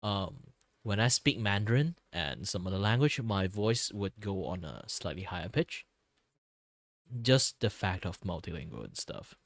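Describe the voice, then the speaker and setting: A young man whose first language is Cantonese rambles casually, full of fillers and restarts. His voice is low and relaxed, worn a little tired from long talking. The sound is dry and close to the mic. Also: measured pace, vocal fry, dry recording. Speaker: streamer. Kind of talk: casual chat while drawing.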